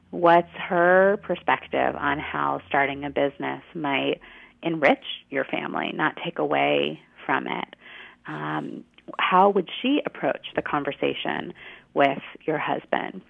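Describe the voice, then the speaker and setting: Low gravelly woman on a phone line. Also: unhurried. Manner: articulate, teacherly, gives examples. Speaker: guest expert on women's communication. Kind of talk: explanatory interview answers.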